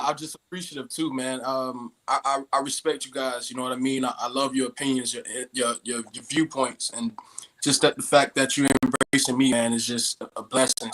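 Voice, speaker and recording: A man's voice: medium pitch, a bit bright. A man with an African American accent, a guest actor talking in a humble, grateful way, stumbling and restarting often. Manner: humble and grateful, with many restarts and "you know what I mean". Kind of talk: casual interview talk.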